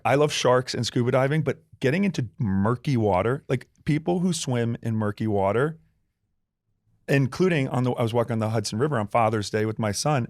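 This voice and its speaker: A man's voice: medium pitch, a little mellow, no echo, studio quality. A man appearing as a podcast guest, chatting in a rambling, easygoing way. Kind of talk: casual chat.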